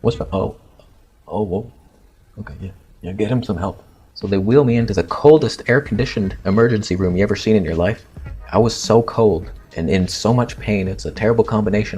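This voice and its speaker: A man's voice: on the low side, a little mellow. A man in his thirties telling a personal story in a blunt, dramatic and self-mocking way, acting out his own reactions. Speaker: fitness influencer telling a story.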